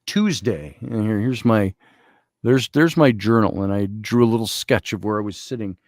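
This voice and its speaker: A man guest, an Egyptologist, telling a story in conversation, animated and quoting others, and slowly reading aloud from a journal. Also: lowish voice, no echo, studio quality. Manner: animated storytelling with quoted voices.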